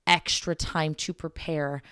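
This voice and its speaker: A woman's voice: low-pitched, flat delivery, slow, a bit bright, clean tone, no echo. A young adult woman hosting a casual solo podcast from a small makeshift home studio, chatty and giggly, rambling with fillers. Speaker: podcast host.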